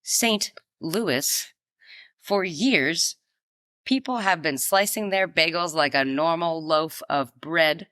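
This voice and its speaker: A woman co-hosting a casual food podcast, playful and animated as she reads out debate topics. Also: deep voice, slow, no echo. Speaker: podcast co-host. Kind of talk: casual chat.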